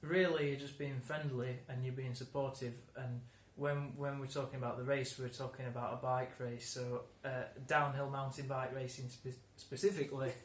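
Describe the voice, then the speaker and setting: A man's voice: medium pitch, level tone, moderate pace, hardly any pauses. A man explaining words in a conversational lesson, laughing and restarting often. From England. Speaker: English teacher. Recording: roomy room, faint ambience.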